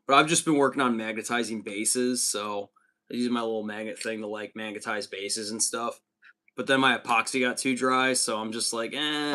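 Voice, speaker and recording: An upbeat American man hosts a casual livestream and reads viewer messages aloud. His voice has a bright, forward edge, and the pitch sits mid-range. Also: slight background noise. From United States. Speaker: livestream host.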